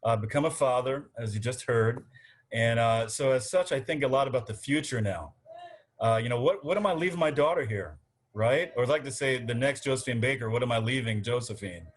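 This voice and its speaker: A man's voice: medium pitch, fairly quick. A man making his case to a virtual arts forum, earnest and rhythmic in his speechmaking. His voice comes through a video call. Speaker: city council candidate.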